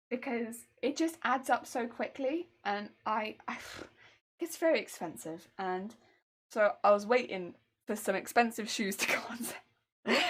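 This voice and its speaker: A young woman chatting casually on a crafting live stream, telling stories in an animated way and answering chat. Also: fairly high pitch. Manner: chatty, animated storytelling, reads chat aloud.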